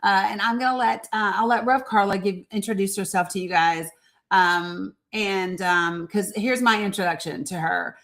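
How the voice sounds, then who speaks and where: A woman's voice: medium pitch, moderate pace, a bit bright. A woman hosting a casual live stream, bubbly and chatty, greeting viewers by name as she goes.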